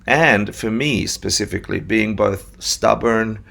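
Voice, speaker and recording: Gravelly-voiced man, Australian-Argentine accent. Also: lowish voice, unhurried. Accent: Australian-Argentine mix. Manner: animated storyteller, laughs often. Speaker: meditation teacher, guest. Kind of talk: casual interview talk.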